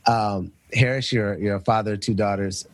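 A man hosting a casual chat, telling stories in a relaxed way and setting up the question of the week. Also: on the low side, normal speed, no echo. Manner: relaxed storyteller who sets up questions for the others. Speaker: podcast host.

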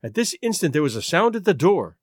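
A man reading the part of a frightened aristocratic woman confessing in a rush, with a lively, rising and falling voice in a dry recording. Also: fairly high pitch, brisk, dry recording. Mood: anxious.

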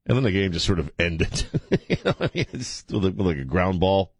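Tired, deep-voiced talk radio host. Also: male voice, sing-song, normal speed, creaky, husky, no room sound. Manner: rambling, blunt, joking, with frequent fillers and restarts. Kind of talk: casual talk radio monologue. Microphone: studio broadcast microphone.

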